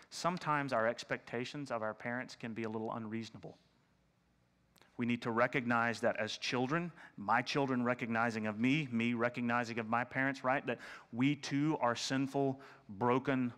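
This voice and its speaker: A man preaching a sermon as pastor, earnest and conversational, often asking "right?" and at times dropping to a hushed near-whisper. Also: mid-range voice, steady tone, normal speed. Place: church sanctuary. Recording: church hall reverb.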